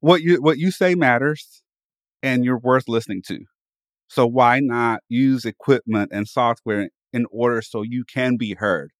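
A man of middle pitch co-hosts a podcast, chatting casually and turning animated when he gets going, repeating phrases to hype himself up. He is recorded close on a studio mic with a dry, roomless sound. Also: a little slow, no echo. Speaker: podcast co-host. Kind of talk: casual chat. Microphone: studio microphone.

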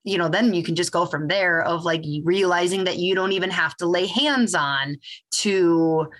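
A woman's voice: on the low side, moderate pace, fairly bright tone. A woman hosting a podcast, a chiropractor who explains things in a casual, teacherly way. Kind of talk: casual interview chat.

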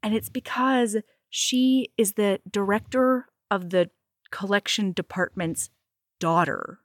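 A woman casually recapping a book in animated, profane chat, acting out the characters' lines as she goes. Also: medium pitch, slow pace, dry recording. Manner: animated, swears freely, acts out characters' lines. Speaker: podcast co-host reviewing a book.

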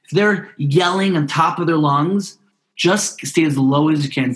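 A man's voice: on the high side, moderate pace. Earnest man with frequent restarts. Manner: earnest, heartfelt, with many restarts. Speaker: podcast guest. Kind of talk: casual interview talk.

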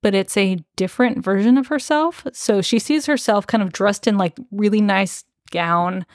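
A woman's voice: medium pitch, moderate pace, no room sound, studio quality. A woman co-hosting a podcast, casually recapping a novel, swearing freely and acting out characters' lines. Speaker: podcast co-host. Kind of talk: casual book-discussion chat.

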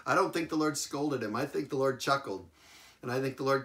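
A man preaching a sermon, retelling a Bible story with lively emphasis, repeated phrases and frequent chuckles. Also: medium pitch, a little fast.

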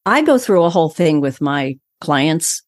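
Older woman, voice coach guest, low voice, calm and instructive, dry close recording. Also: unhurried, no room sound. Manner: calm, assured, explains in a teaching way. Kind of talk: interview answers, coaching advice.

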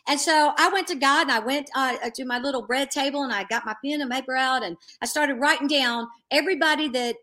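A middle-aged woman sharing a personal faith testimony in earnest, animated storytelling, acting out what others said. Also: high voice, brisk, few pauses. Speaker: guest.

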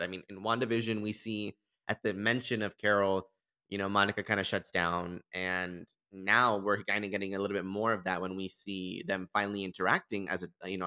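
A young man co-hosting a casual podcast chat, his voice a little low yet bright and forceful. He talks animatedly, laughs often, and slips into quick impressions of characters' reactions. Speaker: podcast co-host.

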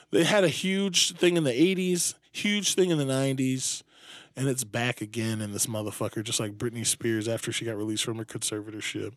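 A man's voice: mid-range voice, no echo, studio quality. A man co-hosting a podcast, rambling crudely and laughing often in casual comedic chat. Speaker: podcast co-host.

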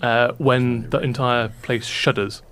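A man with a mid-range voice runs a tabletop game as game master. His narration is relaxed and halting, with lots of fillers.

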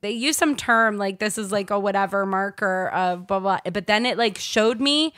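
A woman's voice: mid-range voice, normal speed, no room sound, clean studio sound. A young woman comedian from Baltimore, telling a rambling story in a casual podcast chat. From Baltimore, USA. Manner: animated, rambling storyteller full of "like". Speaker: guest comedian.

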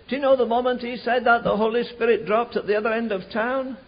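A man preaching a sermon, telling a revival story in an animated way, slowing and rising for emphasis. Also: very high voice, husky. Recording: dull lo-fi recording.

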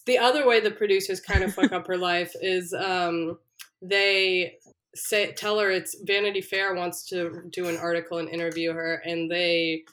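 A woman's voice: fairly low pitch, normal speed. A young woman casually chatting on a podcast, animatedly retelling a reality show and acting out the quotes with frequent laughter. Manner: animated storyteller, acts out quotes, laughs often. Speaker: podcast co-host.

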